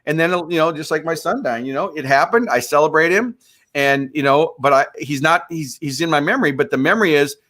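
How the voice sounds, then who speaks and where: A man in his late fifties speaks as a guest, earnest and motivational. He sits a touch higher than most men and often repeats his opening words before a thought lands. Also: a little fast, a bit bright. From USA, Minneapolis. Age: 50s. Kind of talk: conversational storytelling.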